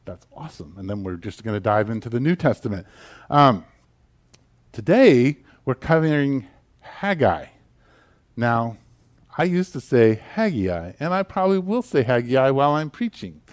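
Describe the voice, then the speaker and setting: Chatty Southern pastor preaching. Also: male voice, medium pitch, normal speed. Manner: conversational, animated, with fillers and asides. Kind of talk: sermon with opening prayer.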